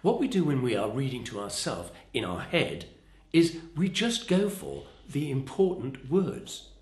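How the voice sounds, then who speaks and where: Expressive male speaking coach, echoey room. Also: medium pitch. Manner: expressive, demonstrative, shifts stress to show emphasis. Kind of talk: instructional talk.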